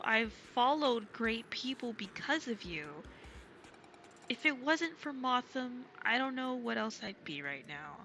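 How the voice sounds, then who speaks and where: A woman streaming live while gaming, chatting casually and gushing excitedly over her viewers. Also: fairly high pitch, slow pace, slight background noise. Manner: bubbly and gushing, thanks chat excitedly.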